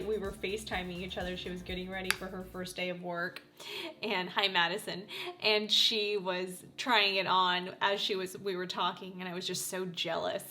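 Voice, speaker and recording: A woman in her forties gushing through a casual makeup tutorial, talking straight to her viewers with frequent excited exclamations. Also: mid-range voice. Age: 40s. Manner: gushing, animated, exclaims often. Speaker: beauty vlogger.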